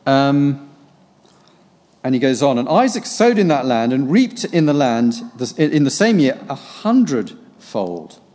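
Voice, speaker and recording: Very animated yet a little mellow, a medium-pitched male voice reads scripture aloud as sermon preparation. He stops between verses to think, musing with pauses and hesitant fillers, all in long hall reverb.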